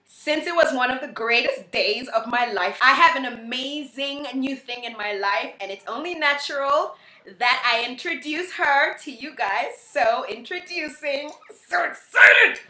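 A woman with a South African accent telling a casual storytime as a vlogger, bubbly, excitable and cheeky. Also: high voice, moderate pace, slight background noise. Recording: echoey room.

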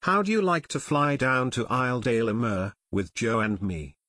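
A man's voice: mid-range voice, normal speed, sharp tone, dry recording, studio quality. A man reading aloud voicing an eager teenage boy detective in an audiobook.

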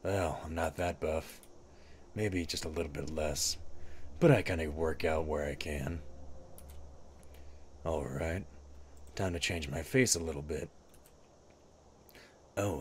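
Gruff, wry lizard-folk adventurer, put on by a man for in-character game commentary, deep and dry, faint hiss behind. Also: takes it slowly, long pauses. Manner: dry sarcastic asides. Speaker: streamer.

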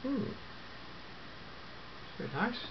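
A man voicing an elderly, fussy, grandfatherly time-travelling gentleman in a fan audio drama, full of hmms and eh?s. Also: slow, muffled recording, noisy background, lightly acted. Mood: fussy, chatty. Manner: fussy, hesitant, peppered with hmms and eh?s.

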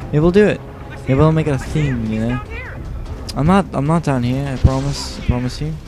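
A man's voice: medium pitch, moderate pace. Tired guy rambling over a game, jokey and sweary, faint music behind. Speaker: let's play host. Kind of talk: casual gameplay commentary.

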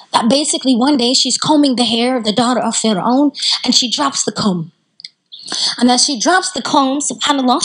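A woman with a Southern American accent giving a storytelling talk to a live audience, animated and conversational, drawing the listeners in. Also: high-pitched, husky, poor audio. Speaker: Islamic lecturer. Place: community center talk.

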